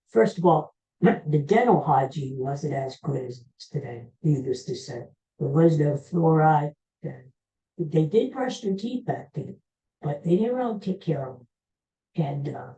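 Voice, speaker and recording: A woman's voice: sits low, unhurried, mellow, highs cut off. A woman hosting a podcast in a casual, rambling chat, joking and teasing the people in the studio. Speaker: podcast host.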